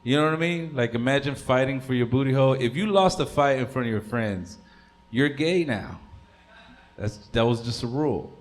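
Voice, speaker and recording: A man's voice: mid-range voice, moderate pace. A man in his thirties doing a stand-up comedy set, rambling and crude, stopping on fillers. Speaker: stand-up comic.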